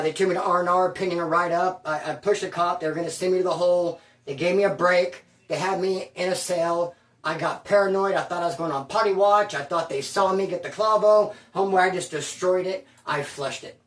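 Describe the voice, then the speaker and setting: A man's voice: high voice, fairly bright tone. A man doing a jittery inmate explaining himself. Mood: defensive. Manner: rushed, defensive confession. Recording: roomy echo, distant mic.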